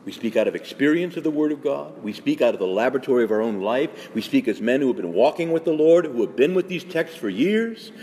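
A man's voice: medium pitch, lively intonation, fast talker, hardly any pauses, dark tone. A man, a priest, giving an earnest, emphatic and conversational talk to fellow priests, with many asides. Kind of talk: spoken retreat talk. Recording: echoey hall with faint ambience.

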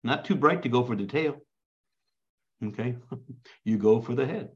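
Brief: man, middle-pitched, hammy and joking Bible class teacher, dull lo-fi recording. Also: a little slow. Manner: animated, joking, self-described ham. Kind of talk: lively classroom lecture.

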